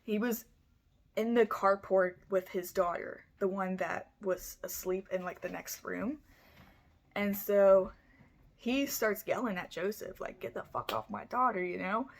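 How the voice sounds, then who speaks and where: A woman's voice: medium pitch, measured pace, gravelly, slight background noise. Chatty, foul-mouthed woman telling a crime story. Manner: rambling and chatty, full of "like" and "you know"; blunt, swears freely. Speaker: true crime vlogger. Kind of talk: casual true-crime storytelling.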